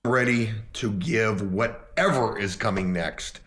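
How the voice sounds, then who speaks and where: A man's voice: lowish voice, slow, fairly bright tone. A man in his forties vlogging from his car, talking earnestly and rambling with a self-deprecating tone. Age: 40s. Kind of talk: casual vlog talk to camera.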